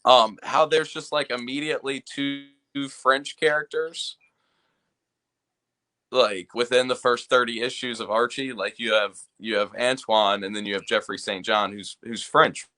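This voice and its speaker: A man's voice: mid-range voice, fairly even intonation, unhurried, sharp tone. A man co-hosting an interview, chatting casually and playfully, laughing often.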